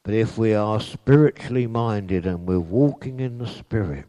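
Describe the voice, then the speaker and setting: A man's voice: lowish voice, normal speed, few pauses, dark tone. A man preaching a sermon in an earnest way, building to emphatic peaks on repeated phrases.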